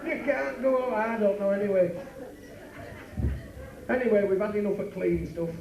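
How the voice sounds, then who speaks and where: A man doing bawdy stand-up comedy at a working men's club, with rapid patter and asides to the crowd. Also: sits high, gravelly, dull audio. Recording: echoey room from far off, noisy.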